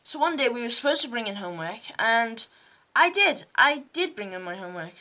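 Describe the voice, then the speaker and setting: A woman's voice: a little high, big pitch swings, fairly quick, bright, forceful tone. A teenage girl telling rambling, self-mocking stories to camera at home. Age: teens. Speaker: vlogger. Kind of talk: casual storytime chat to camera.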